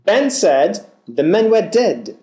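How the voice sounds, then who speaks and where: A man teaching pronunciation, modelling words and phrases one at a time in a clear, deliberate way. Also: sits high, very animated, dark tone. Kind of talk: slow drilled pronunciation lesson.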